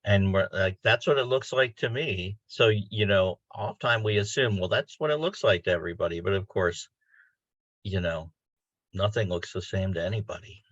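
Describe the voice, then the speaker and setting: A man, a poet, reading his verse with a rhythmic, dramatic delivery, then chatting in a halting way over a laptop microphone. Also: on the low side, a bit bright, no room sound. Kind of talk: poetry reading and casual chat. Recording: dull lo-fi sound.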